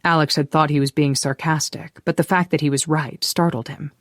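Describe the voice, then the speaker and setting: Even-voiced audiobook narrator, dry studio sound. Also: mid-range voice, a little fast, dry recording. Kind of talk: scripted narration.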